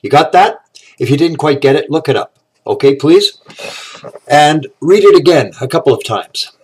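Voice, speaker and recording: A man's voice: fairly high pitch, lively intonation, moderate pace, darkish tone, breathy edge. Outraged man ranting. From Canada. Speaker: political commentator. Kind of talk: angry monologue to camera.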